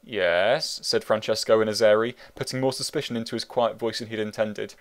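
A man's voice: on the low side, fast. Man reading his own audiobook, wry. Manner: wry, meandering, deadpan storytelling. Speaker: audiobook narrator and author. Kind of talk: scripted audiobook narration.

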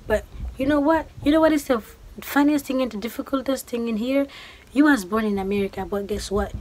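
Animated young woman from Guinea vlogging. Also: on the high side, brisk, rough recording. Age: 20s. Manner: animated storytelling, acting out quoted exchanges. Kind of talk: casual chat to camera. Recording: faint background noise.

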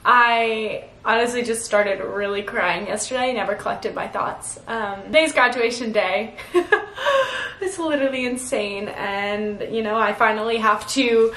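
A woman's voice: a little high, normal speed, few pauses, pushed and bright, roomy sound, low-quality recording. A woman in her twenties talking to the camera in a sentimental, rambling vlog, close to tears and full of fillers. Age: 20s. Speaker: vlogger.

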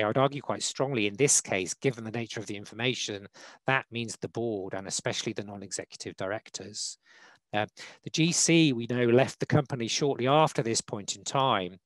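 A man speaking as a law panelist in a formal online talk, measured and hesitant with frequent fillers, on a video call. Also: mid-range voice, dry recording, poor audio. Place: online webinar.

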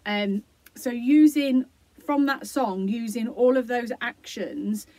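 A woman explaining, gently and encouragingly, how parents can use a song for self-care routines, with many fillers. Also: on the high side, slow pace, dry recording. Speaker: early years support practitioner. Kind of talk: instructional video for parents.

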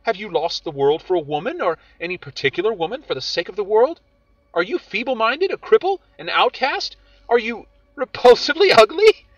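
A man voicing a frank, teasing young woman who questions briskly and speaks in a bright, bossy way. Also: sits high, big pitch swings, no room sound, voice pushed up, full character voice. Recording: dull audio with faint music.

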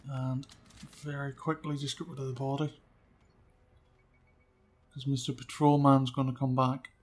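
A man giving casual gameplay commentary, chatty and often dropping to quiet muttering as he sneaks around. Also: mid-range voice, flat delivery, unhurried. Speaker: let's play gamer.

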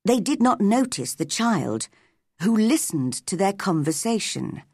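A woman narrating a story slowly and clearly for English learners. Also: mid-range voice, very animated, darkish tone, no room sound, studio quality. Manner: clear, deliberate.

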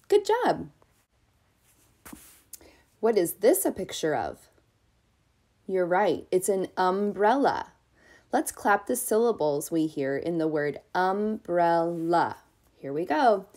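A woman preschool teacher speaking to young children in a slow, sing-song, encouraging way, stretching out words as she claps them. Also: fairly low pitch, very animated, darkish tone, slight background noise.

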